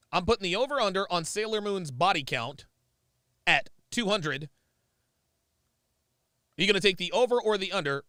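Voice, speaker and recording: A man hosting a livestream, reacting to a video in loud, excitable commentary and repeating himself. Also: sits high, dry recording, studio quality.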